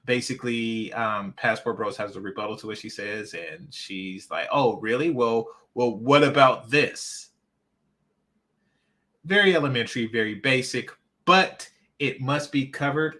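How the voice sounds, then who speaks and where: A man's voice: medium pitch, moderate pace, sharp tone. A man hosting a reaction commentary, emphatic and mocking, often repeating himself. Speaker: commentary channel host.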